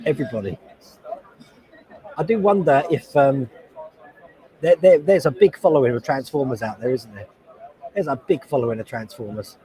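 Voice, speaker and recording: A man, hosting a casual livestream from a loud convention hall on a noise-cancelling headset, chatting in a rambling way and reading comments aloud. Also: medium pitch, expressive, normal speed, pauses often. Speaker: host.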